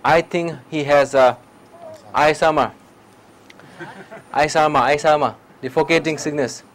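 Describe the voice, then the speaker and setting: In a lecture hall, a Tibetan-accented meditation teacher tells lively stories in broken English during a public dharma talk with questions, often asking "okay?" He speaks at a measured pace in a slightly high voice over poor audio.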